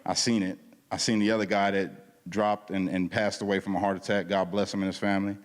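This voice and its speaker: A lively man with a low voice, giving a testimony in a reverberant church hall. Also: a little fast. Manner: animated storytelling, acting out quoted dialogue; casual, slangy. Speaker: guest speaker at a church service. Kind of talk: testimony talk.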